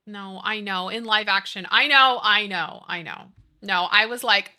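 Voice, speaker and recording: Speaking at normal speed with few pauses, this thirtysomething woman has a sharp, mid-range voice. She gushes and giggles while casually talking to her chat during a gaming stream.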